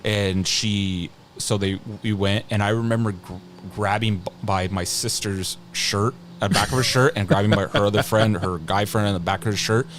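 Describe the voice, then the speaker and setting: A man in his thirties, a podcast guest, telling a long story in a rambling, halting way, restarting often and swearing casually. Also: on the low side, fairly even intonation, a little hiss or hum. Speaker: podcast guest, scare actor.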